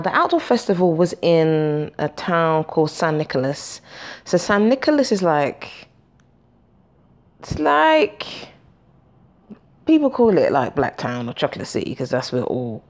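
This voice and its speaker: Low-voiced woman telling a story. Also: a little slow. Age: 40s. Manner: animated, profane, acts out dialogue. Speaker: podcast host. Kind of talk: casual storytelling.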